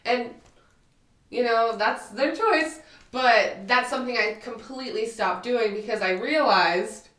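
A woman's voice: a little high, a little slow, fairly bright tone, far from the mic. Blunt woman in her twenties, co-host, swears freely, a bit off-mic in an echoey room. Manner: blunt, profane and emphatic. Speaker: podcast co-host. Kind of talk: casual chat. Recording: roomy sound, a bit off-mic.

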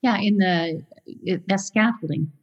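A woman's voice: medium pitch, a little slow, husky, long reverb tail, highs cut off. A woman hosting an interview podcast, asking questions and backing the guest with short agreements. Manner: supportive, asks questions, frequent mm-hmms. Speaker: podcast host.

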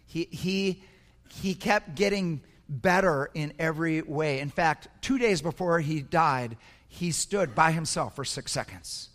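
In an echoey hall, an older man preaches a sermon, telling a personal story earnestly and emotionally with frequent repetitions. His voice is on the high side, fairly bright in tone, and he speaks unhurriedly.

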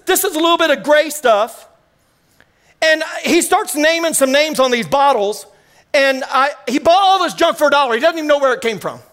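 A man preaching a sermon as pastor, telling a family story with energetic exclamations. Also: extremely high pitch.

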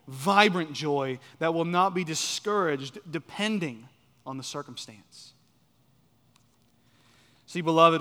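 A man preaching a sermon, emphatic, repeating key phrases and swinging from loud to soft. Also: fairly high pitch. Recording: reverberant hall.

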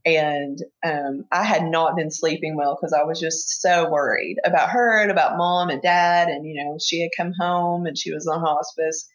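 A woman speaking as an interview guest, earnest and halting, with many fillers and restarts as she talks openly. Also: sits low, dull audio. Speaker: interview guest, family caregiver. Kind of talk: emotional personal conversation.

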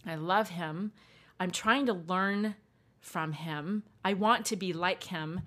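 Woman podcast host, lowish voice, warm and explanatory about faith. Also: takes it slowly.

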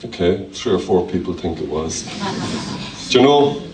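A man's voice: low-pitched, lively intonation, normal speed, a little mellow. A man preaching a fervent sermon as pastor, calling out to his congregation. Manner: fervent preaching with call-and-response. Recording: roomy hall, voice from far off.

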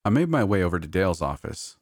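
A man narrating a scripted horror story in a measured, steady way. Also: low-pitched, breathy edge, no room sound, studio quality.

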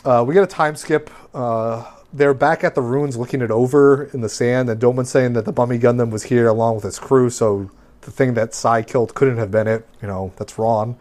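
A man's voice: mid-range voice, steady tone, brisk, darkish tone. A man casually recapping an anime episode on a podcast, rambling with lots of fillers. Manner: rambling, filler-heavy summarizing.

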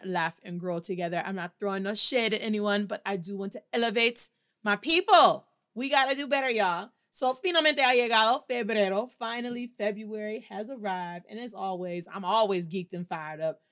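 A woman hosting a casual Spanish lesson, energetic and slangy, switching back and forth between English and Spanish. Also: medium pitch, clean tone. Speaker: host and Spanish teacher. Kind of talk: upbeat casual language lesson.

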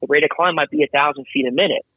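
Chatty air traffic controller on a phone line. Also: male voice, fairly high pitch, rapid-fire, husky, dry recording. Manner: animated, chatty, acts out radio calls. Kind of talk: casual interview explanation.

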